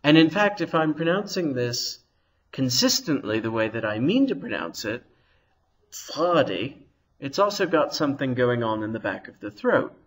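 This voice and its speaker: A man's voice: medium pitch, sing-song, normal speed, poor audio. A man teaching a recorded language lesson, explaining patiently and sounding out consonants to demonstrate them.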